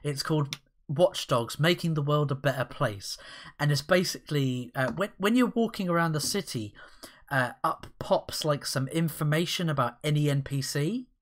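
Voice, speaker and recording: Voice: medium pitch, normal speed. A podcast co-host chatting casually, laughing often and rambling through stories. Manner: giggly, rambling. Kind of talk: casual chat.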